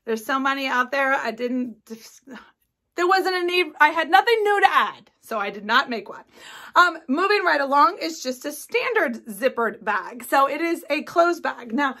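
A woman's voice: high-pitched, animated, normal speed, sharp tone. A woman in her forties hosting a craft video at home, chatting enthusiastically about her sewing projects with lots of ums and asides. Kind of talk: casual show-and-tell chat.

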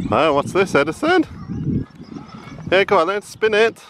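A man's voice: high-pitched, big pitch swings, unhurried, long pauses, background noise. A man in his thirties, a family vlogger chatting casually while walking an outdoor farm trail, encouraging his small son, into a handheld camera.

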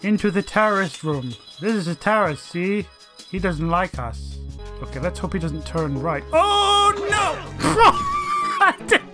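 A man's voice: high voice, normal speed, over music. A man doing let's play commentary, swearing and mock-dramatically teasing the game's characters.

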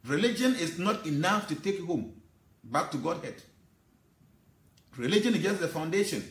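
Earnest high-voiced man preaching, echoey. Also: expressive, moderate pace. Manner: emotional, earnest preaching with chanted Sanskrit verses. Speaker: spiritual teacher. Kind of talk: sermon.

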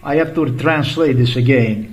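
A man's voice: mid-range voice, normal speed. A man in his fifties translating an interview clip while ranting, profane, mocking and repetitive. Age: 50s. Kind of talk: angry sarcastic rant. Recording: echoey room.

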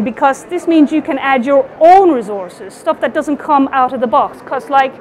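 An Irish woman with a high, light voice walks through a technical topic at a conference, talking to her slides. She explains things casually, with fillers and small restarts as she goes. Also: darkish tone. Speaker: conference speaker.

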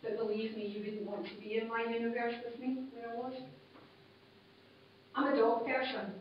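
A British paramedic gives a personal testimony at a conference, her voice fairly high and level, moving at a normal speed in blunt, clipped phrases. The conference hall adds heavy reverb and slight background noise, captured distantly and muffled on a basic MP3 player.

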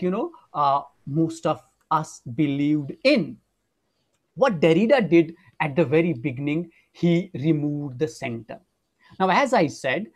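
A woman lecturing in an online webinar. She explains step by step and often fills pauses with "you know". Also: medium pitch, darkish tone. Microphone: online webinar microphone.

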